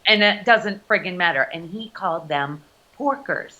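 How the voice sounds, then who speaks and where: A woman from the United States speaking as a guest on a casual video call, earnest and halting, often restarting her sentences. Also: on the low side, lively intonation, sharp tone, lo-fi sound.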